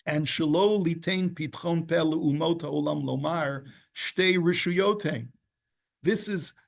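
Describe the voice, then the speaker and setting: A man teaching a Torah class, explaining texts step by step, quoting Hebrew passages and putting questions to his students. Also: on the high side. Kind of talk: classroom lesson.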